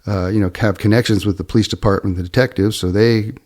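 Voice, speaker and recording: A man's voice: on the low side, fairly even intonation, fast, darkish tone. A middle-aged man who owns a fly shop, casually telling rambling stories full of fillers and restarts, briefly raising his voice to act out what people said. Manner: rambling, filler-heavy, acts out quoted lines in a raised voice. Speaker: fly shop owner and podcast host. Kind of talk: casual storytelling.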